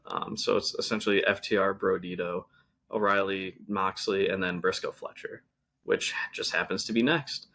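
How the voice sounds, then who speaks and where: Low-voiced man chatting wrestling casually. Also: steady tone, normal speed, vocal fry, sharp tone. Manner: rambling, frequent ums and restarts. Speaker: podcast co-host. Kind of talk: casual wrestling review chat.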